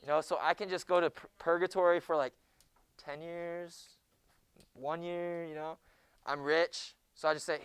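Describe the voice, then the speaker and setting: A young man teaching a junior high Bible class in a classroom, joking with the students and often hushing them. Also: a little fast, smooth, dry recording. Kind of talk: classroom lecture.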